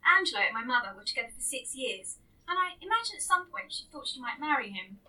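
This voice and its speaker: A woman's voice: sits high, sing-song, fast talker, sharp tone, far from the mic, poor audio. A woman reading a story aloud as narrator, in a dry, understated way. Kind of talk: audiobook reading.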